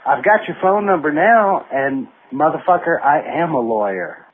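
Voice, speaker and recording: A man's voice: on the high side, lively intonation, normal speed. Furious swearing man on a noisy line. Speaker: prank call target.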